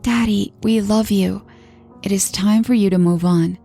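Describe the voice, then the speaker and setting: A tearful grown daughter speaks in a soft, pleading tone, lifted a little higher than the teller's own voice. A woman puts her on as she reads a horror story aloud. Her low tone has a gravelly edge and a faint bed of music under it. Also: steady tone, a little slow. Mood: gently pleading. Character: grieving grown daughter, tearful but gentle.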